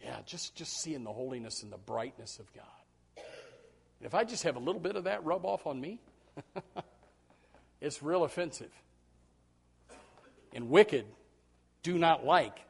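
With a creaky, husky voice pitched a little high, this pastor delivers a sermon to his congregation. Building each point, he repeats words and voices the people he quotes.

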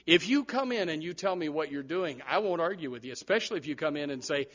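Brief: male pastor, high voice, lively sermon delivery with loud bursts, dull lo-fi church recording. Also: fast. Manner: animated preaching with repeated words and sudden loud rises.

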